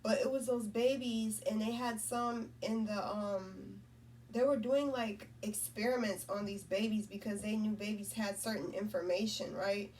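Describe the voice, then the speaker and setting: A woman's voice: medium pitch, steady tone, unhurried, darkish tone, far from the mic, slight background noise. A woman giving a casual spiritual talk, rambling and repeating herself, often checking in with "right?" and "you know?". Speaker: spiritual content creator.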